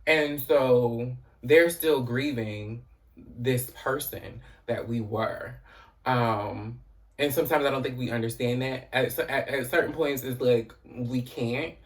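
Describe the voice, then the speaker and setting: A man talks through a TV episode in a loose, chatty recap, peppering his sentences with "you know" and "um" and the odd curse. His voice sits at an everyday middle pitch. He sounds a little distant from the mic. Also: slow pace. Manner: chatty, profane, frequent "you know" and "um" fillers. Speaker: TV recap host.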